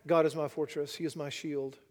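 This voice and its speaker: A man preaching a sermon, dramatic and rhetorical, swinging between loud declarations and hushed asides. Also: a little high, flat delivery, a little fast, long reverb tail. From United States. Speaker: pastor.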